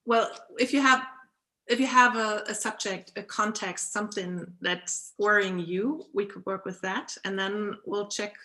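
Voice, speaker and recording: A woman's voice: mid-range voice, fairly even intonation, measured pace, sharp tone. A woman from Germany with a German accent, a guest coach talking casually on a video call, explaining with frequent laughs and ums. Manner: laughs often while explaining, with many ums.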